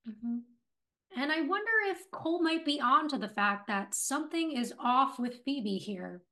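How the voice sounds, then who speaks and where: A woman co-hosting a podcast, retelling TV scenes in a lively way and paraphrasing the dialogue as she chats. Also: high voice, a little slow. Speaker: podcast co-host. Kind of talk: casual TV episode recap chat.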